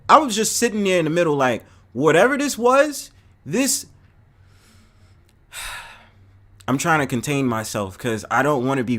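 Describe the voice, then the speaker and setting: Animated New man ranting. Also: on the high side. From New York City. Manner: animated, profane, addresses chat viewers by name. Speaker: host. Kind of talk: casual live-stream rant.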